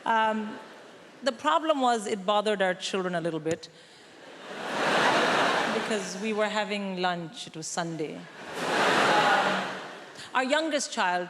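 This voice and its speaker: A woman's voice: mid-range voice, slow pace, pauses often. A woman in her forties doing a stand-up set on a large theatre stage, telling dry, punchy stories to the crowd. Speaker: stand-up comedian. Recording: reverberant hall with audience noise.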